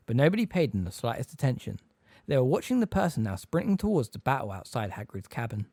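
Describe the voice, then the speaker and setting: A man narrating an audiobook in an expressive, lively storytelling manner on a close mic. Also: mid-range voice, fast talker, no room sound.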